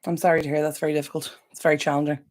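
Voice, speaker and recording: Low-voiced Irish woman chatting on a live stream. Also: level tone, racing, darkish tone. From Ireland. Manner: chatty, rambling, answers viewer comments sympathetically. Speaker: decluttering channel host. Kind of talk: casual live-stream chat.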